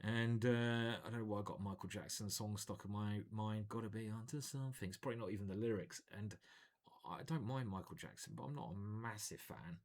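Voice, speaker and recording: A man commentating his own online chess games live, thinking aloud in a playful, animated way. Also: fairly low pitch, a little fast.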